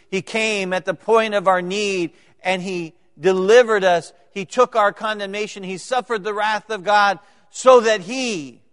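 A male pastor preaching a sermon, swinging between loud emphatic declarations and quiet joking asides to the congregation. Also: a little high. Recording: long reverb of a large hall.

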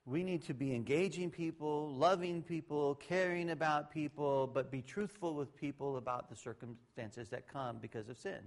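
A middle-aged male pastor giving a conversational sermon, shifting between loud sarcastic mock voices and low asides. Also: moderate pace, few pauses.

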